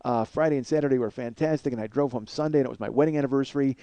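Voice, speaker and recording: A man's voice: mid-range voice, very fast, dark tone, no echo. A man in his forties hosting a podcast, rambling in a self-deprecating, swear-heavy comedic monologue. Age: 40s. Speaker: podcast host.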